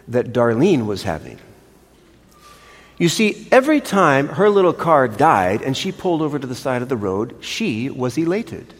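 An older man preaching a sermon, telling a story in an animated, chatty way with frequent restarts. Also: medium pitch, moderate pace. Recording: long reverb of a large hall.

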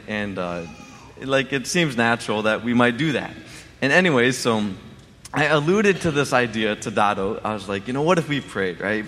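A man's voice: medium pitch, pushed and bright. Rambling man in a reverberant hall. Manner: rambling, full of restarts and "right?". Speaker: interviewee sharing a testimony. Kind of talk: casual storytelling.

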